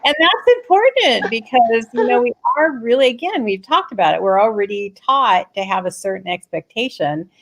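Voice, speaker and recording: Gravelly-voiced woman hosting a talk show. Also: on the high side, lively intonation. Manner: earnest, thinks aloud in rushed bursts with restarts. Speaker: host. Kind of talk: reflective conversational interview.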